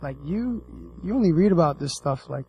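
A man's voice: fairly high pitch, normal speed, highs cut off, a little hiss or hum. A man giving a casual sermon as a youth pastor, joking and calling out to his listeners. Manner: animated, joking, addresses the audience directly.

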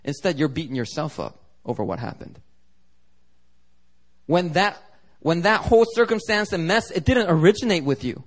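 A male pastor delivers a sermon in an animated storytelling manner. He slips into the voices of the people he describes, and his voice sits a little high. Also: normal speed, pauses often.

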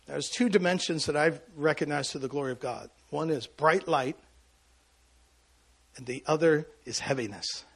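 A man preaching a sermon as pastor, telling a personal story with sudden loud bursts and quiet asides. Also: fairly high pitch, moderate pace, gravelly, husky.

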